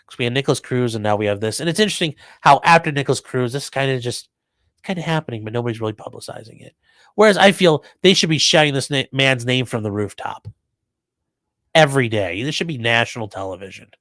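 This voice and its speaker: A man with a mid-range, animated, fairly bright voice talks quickly, with no echo. Hosting a casual live stream, he reads viewer comments from chat and riffs on the news with offhand, crude jokey asides.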